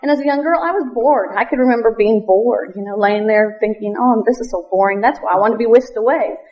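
A woman with a somewhat high voice shares her missionary testimony in an earnest, church-testimony manner. She laughs often and reads scripture in old-fashioned wording. The recording is dull and lo-fi. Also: a little fast.

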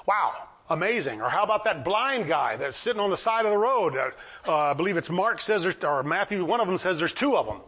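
A man preaching a sermon, retelling stories with lively acted-out voices for the people in them. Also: high-pitched, fairly quick, breathy edge. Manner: animated, acts out the people in the stories. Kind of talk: sermon, storytelling.

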